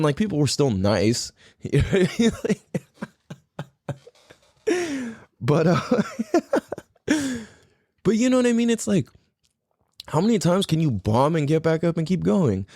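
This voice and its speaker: Man, podcast host, casual solo monologue, warm low-key voice, profane, filler-heavy. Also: big pitch swings, a little fast, no room sound, studio quality. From California. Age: adult parent. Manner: rambling, heavy swearing, frequent fillers.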